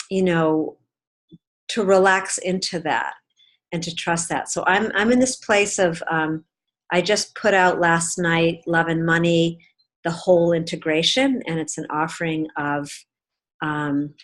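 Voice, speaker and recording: A woman leading a group check-in on a video call, talking in a rambling way with many fillers and restarts. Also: fairly low pitch. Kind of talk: casual online group check-in.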